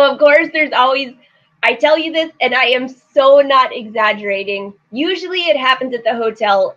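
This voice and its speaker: A middle-aged woman with a bright, high voice hosts a live sewing show, chatting and laughing with viewers as she reads out their comments. The stream audio is slightly dull and lo-fi. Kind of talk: casual live-stream chat.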